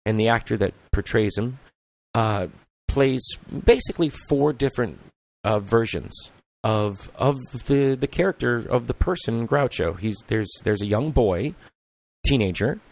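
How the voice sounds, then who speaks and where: A man's voice: mid-range voice, expressive, measured pace, gravelly, darkish tone. A man hosting a podcast in casual chat, rambling and reflective with many ums and uhs. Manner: rambling, filler-heavy and reflective. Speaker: podcast host.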